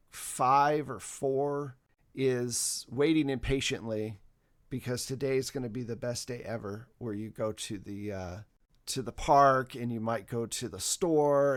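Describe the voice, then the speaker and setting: A man at a middle pitch narrates a tabletop game as its game master. He tells the story in a loose, relaxed way and uses plenty of fillers.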